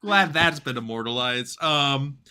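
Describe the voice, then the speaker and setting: A man's voice: mid-range voice, expressive, a little slow, pushed and bright, smooth. A man hosting a livestreamed comedy game show, playful and laughing often as he reads out answers and scores.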